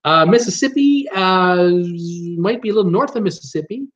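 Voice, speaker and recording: Male trivia host, higher-pitched, rattles through viewer guesses with lots of fillers; muffled lo-fi sound. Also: lively intonation, a bit bright. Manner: reads viewer guesses and answers, quick yes-or-no calls with many fillers. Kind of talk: live-stream trivia hosting.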